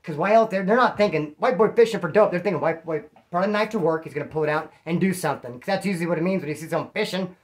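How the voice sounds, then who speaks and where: A man's voice: sits high, very fast, hardly any pauses. A middle-aged man from California, hosting his own channel and telling prison stories in a rambling, profane, self-mocking monologue to his viewers. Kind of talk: casual storytelling monologue.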